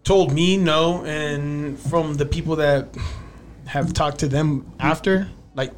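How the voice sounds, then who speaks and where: A man's voice: on the high side, fairly even intonation, slow, slight background noise. A young man co-hosting a podcast, telling stories in boisterous, swearing casual chat. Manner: boisterous, swearing, storytelling, laughs often. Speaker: podcast co-host.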